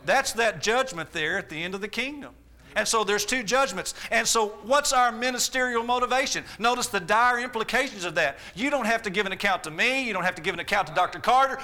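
A man's voice: high voice, lively intonation, a little fast, bright, forceful tone. A man, preaching a sermon with emphatic repetition and rhetorical questions. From Arkansas, US.

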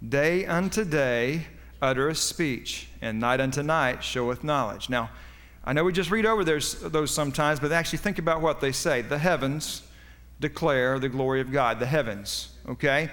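A man's voice: a little high, normal speed, a bit bright, in a large hall. A man preaching a sermon as pastor, with a folksy, joking delivery that rises for punchlines.

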